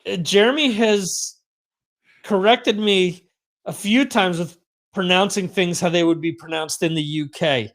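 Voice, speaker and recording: A man's voice: high voice, unhurried, a bit bright. A middle-aged man hosting a podcast in a rambling, self-mocking casual chat. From United States. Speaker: podcast host.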